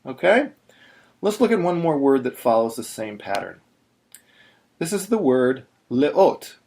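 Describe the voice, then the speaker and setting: A man's voice: medium pitch, sing-song, measured pace, dark tone. A man teaching Torah chanting in a plain, patient voice, stopping to sing short chanted examples. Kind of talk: instructional video narration.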